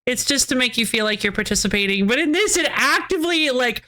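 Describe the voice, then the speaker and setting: A woman streaming games, chatting casually with her viewers. Her voice sits a bit high and comes across bright. She rambles, trips over her sentences and keeps breaking into giggles. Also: expressive, fast talker. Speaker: game streamer. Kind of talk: casual live-stream chat, answering chat.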